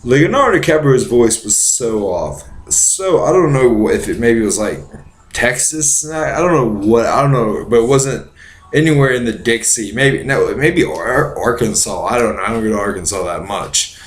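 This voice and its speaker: A man's voice: medium pitch, lively intonation, moderate pace. A drunk man hosting a casual movie chat, rambling and profane, going off on tangents. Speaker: podcast host. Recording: roomy echo.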